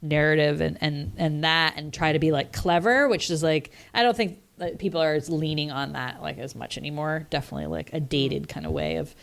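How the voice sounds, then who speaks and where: Low, smooth-voiced woman podcaster. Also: fairly even intonation, a little fast, few pauses. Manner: meandering, thinks aloud. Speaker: podcast co-host. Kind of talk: casual film-review chat.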